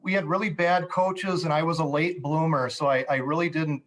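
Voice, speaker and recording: Folksy Minnesota man, slightly high voice. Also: normal speed. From Minnesota, USA. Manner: relaxed storyteller, folksy, joking asides. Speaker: guest, robotics company president. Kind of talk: casual conversational interview.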